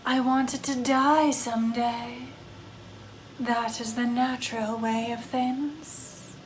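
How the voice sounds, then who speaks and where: A woman voicing a melancholy, elegant female vampire ghost who speaks softly, slowly and solemnly. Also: fairly high pitch, steady tone, a little hiss or hum. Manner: soft, slow, solemn.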